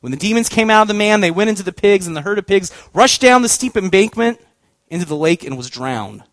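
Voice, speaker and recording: Guy preaching to youth, high bouncy voice, acts out the story, dry sound. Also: a little fast, no echo. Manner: animated, acts out voices, laughs often. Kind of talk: storytelling sermon.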